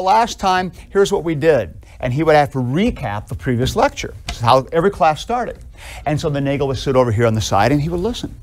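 Casual, animated male lecturer. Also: mid-range voice. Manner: casual, animated storytelling with many fillers. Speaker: seminary professor. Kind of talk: classroom lecture with anecdotes. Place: classroom.

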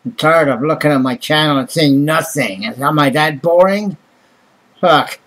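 A man's voice: a little high, unhurried, fairly bright tone, low-quality recording. A man, talking straight to camera in a blunt, profane, grumbling rant as a vlogger. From Canada. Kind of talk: casual ranting monologue to camera.

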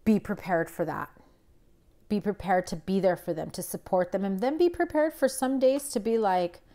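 A woman's voice: mid-range voice, normal speed, mellow. A young woman giving a casual, blunt tarot reading to camera, emphatic and chatty with plenty of fillers. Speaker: tarot reader.

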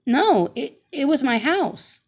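A polite young heroine from a storybook, as a woman puts her on, sounding puzzled. She speaks higher than the woman's own voice, with a lively, swooping pitch and a slow pace. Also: exaggerated voice.

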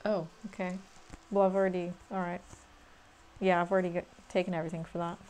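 A woman's voice: fairly low pitch, quick pace, a little hiss or hum. Chatty Irish woman playing a board game. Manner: relaxed and chatty, often laughing. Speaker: player. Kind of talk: casual chat while playing a tabletop game.

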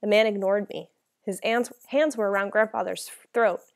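A woman's voice: mid-range voice, fairly even intonation, moderate pace, gravelly. A woman narrating a first-person novel as an audiobook, reading in a dramatic, emotional way.

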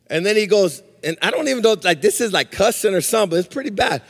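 A man pastor preaching a live sermon in a church, animated, with a sing-song cadence and acted-out quotes. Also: sits high, fast, hardly any pauses, in a large hall. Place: church sanctuary.

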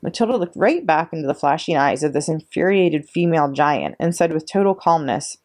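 Woman, children's read-aloud, low-pitched, animated, dramatic. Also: fairly quick, few pauses. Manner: expressive, dramatic reading. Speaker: children's librarian reading aloud.

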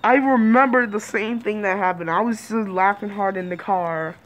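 A woman vlogger tells her viewers a rambling, casual storytime, repeating and restarting her lines. Her voice is mid-range, at a moderate pace.

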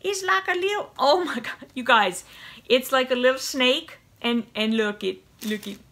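A young woman chats her way through unboxing a subscription box at home, her voice a little high and a little slow against some background noise. She gushes and giggles in casual vlog style, cooing and whispering to her cats.

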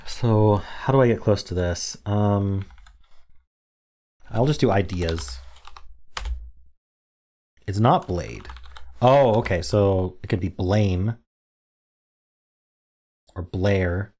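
A young man talks himself through daily word puzzles, muttering letter guesses under his breath. His voice sits a little low, and he slips into mock-dramatic groans at his own blunders. Keyboard typing clicks along behind him. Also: drawn-out words, long pauses, dark tone. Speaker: word game streamer. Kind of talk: casual thinking aloud while playing.

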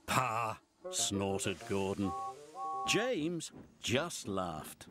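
Very animated man narrating a storybook. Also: medium pitch, slow. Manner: very animated, sing-song storytelling. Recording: music playing behind.

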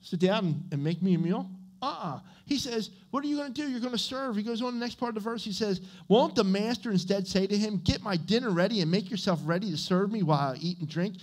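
A man pastor preaching a conversational sermon, often checking in with the congregation with "okay?" and "right?". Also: fast talker. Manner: animated, with swings in pitch and loudness. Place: church.

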